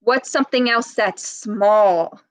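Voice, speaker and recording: With a mid-range voice and an unhurried pace, a woman working as a speech therapist reads a picture book to little kids, patiently asking them questions throughout as a teacher would. There is no room sound.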